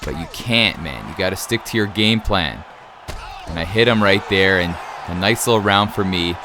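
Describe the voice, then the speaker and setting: A man's voice: deep voice, normal speed. A young man from Canada giving casual, laid-back commentary over his own fight game match, laughing often, with faint music behind. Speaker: gaming YouTuber.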